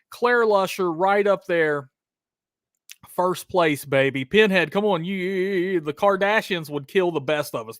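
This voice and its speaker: Upbeat male streamer hosting live trivia, chatty and pumped, a bit high-pitched, dry close mic. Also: fairly bright tone, no room sound. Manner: hyped, chatty, calls viewers brother and dude.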